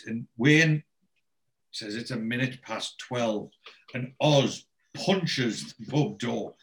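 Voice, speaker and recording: A man chatting casually, retelling television scenes and acting out the lines. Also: takes it slowly. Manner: animated storyteller, acts out quotes with jumps in pitch. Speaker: podcast host recapping a TV episode.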